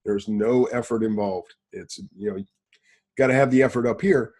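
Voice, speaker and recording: A man's voice: lowish voice, moderate pace, darkish tone, breathy edge. A man hosting a casual business podcast, talking bluntly and boastfully and answering his own rhetorical questions. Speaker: podcast host.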